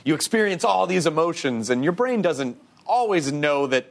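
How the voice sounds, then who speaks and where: A man with a fairly high voice hosting a relaxed interview. He jokes freely and rambles, restarting his sentences as he builds up to a question. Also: moderate pace, creaky. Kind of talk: casual interview chat.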